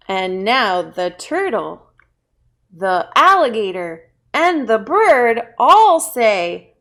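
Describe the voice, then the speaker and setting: Lively high-voiced woman reading a story. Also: extremely slow. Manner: playful, with big shouted exclamations. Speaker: children's librarian. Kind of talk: reading a picture book aloud to children.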